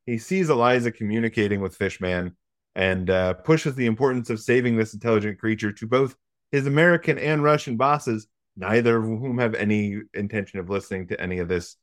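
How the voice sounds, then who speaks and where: This podcast host has a lowish voice and talks briskly, recorded in studio quality with no echo. He gives a casual, comedic recap of a film's plot, profane and wry, with joking asides along the way.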